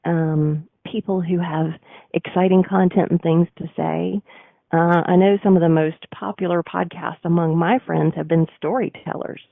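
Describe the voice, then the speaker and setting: A woman's voice: sits low, gravelly, no echo. Nasal Southern woman on a phone line. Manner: chatty, earnest, with frequent fillers. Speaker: radio show host. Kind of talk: casual monologue with business advice.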